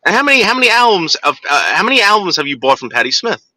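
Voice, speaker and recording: Heated ranting man, bright dry voice. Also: high-pitched, big pitch swings, quick pace, no echo. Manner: heated, profane, repetitive restarts. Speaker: vlogger. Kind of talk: ranting monologue to viewers.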